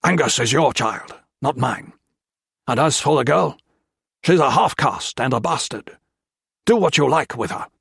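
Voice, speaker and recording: A curt Japanese army colonel speaks coldly and with contempt, as a male reader puts him on. His voice is gravelly and husky, close and dry for an audiobook. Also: mid-range voice, lively intonation, measured pace, fairly bright tone, no room sound, heavily acted. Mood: contemptuous, furious. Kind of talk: audiobook character voice.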